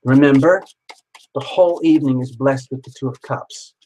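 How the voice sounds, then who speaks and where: A man hosting a live tarot reading stream, talking in a chatty, excitable way and joking with his viewers. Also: mid-range voice, moderate pace, lo-fi sound. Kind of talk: casual live-stream chat.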